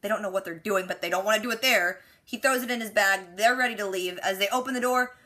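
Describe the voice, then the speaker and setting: Chatty female recapper with a bright, forceful tone and quick sarcastic asides. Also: medium pitch. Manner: quotes characters with lots of "like". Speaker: TV reaction recapper. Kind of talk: casual episode recap.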